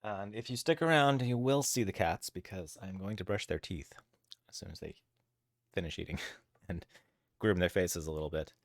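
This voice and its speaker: Deep-voiced man chatting casually at home. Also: normal speed, no echo, studio quality. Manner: chatty, easygoing storytelling. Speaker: live streamer. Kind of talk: casual chat with viewers. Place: at home with his cats, late at night.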